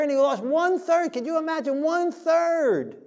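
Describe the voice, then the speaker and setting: A man preaching a sermon, forceful and plain-spoken, mocking timid voices as he quotes them. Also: very high-pitched, very animated, a little slow.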